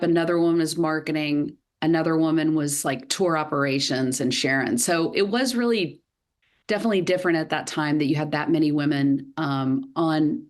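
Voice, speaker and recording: A woman in her fifties with a Southern US accent, a podcast guest telling her career story in a lively way with many fillers. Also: deep voice. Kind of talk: podcast interview.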